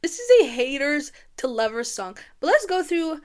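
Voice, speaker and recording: Chatty, gushing woman with a brightish voice. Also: sits high, moderate pace. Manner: chatty and gushing, swinging between excited and wistful. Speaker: YouTuber reviewing a film musical. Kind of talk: casual film commentary.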